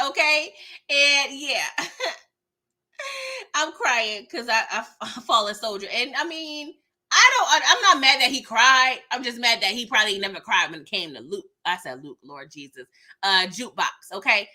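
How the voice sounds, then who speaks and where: Woman host, live episode recap; bright, slightly high voice; animated and laughing. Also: unhurried. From California. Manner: animated, laughing, acts out characters mid-story.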